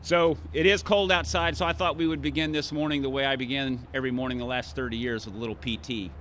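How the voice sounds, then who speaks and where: Man in his 50s, ceremony speech outdoors, bright tense voice, faint outdoor hum behind. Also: mid-range voice, steady tone, fast talker. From Arkansas. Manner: commanding drill calls at moments. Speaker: ceremony speaker.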